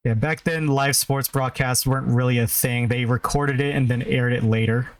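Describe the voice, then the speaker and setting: A man's voice: mid-range voice, steady tone, normal speed, smooth. A man co-hosting a podcast, recapping in a laid-back way with many fillers. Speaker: podcast co-host. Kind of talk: casual chat.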